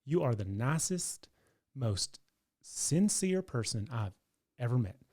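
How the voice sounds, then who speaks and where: A man's voice: mid-range voice, big pitch swings, slow, a little mellow. Man putting on a Southern accent, doting sweet-talker, drawling, podcast banter. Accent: put-on American Southern. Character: doting male Southern charmer, sweet-talking and gentle.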